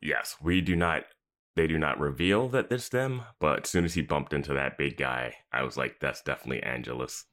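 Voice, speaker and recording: A man's voice: very deep voice, fairly quick, a bit bright. A man co-hosting a podcast, thinking aloud and asking questions in casual chat, laughing often. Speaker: podcast co-host.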